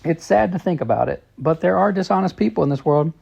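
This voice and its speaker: A man with a gravelly, husky voice voicing a kind young woman schoolteacher with a gentle, earnest manner. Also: a little high, expressive, quick pace, muffled recording, pitched above the performer's own voice, exaggerated voice.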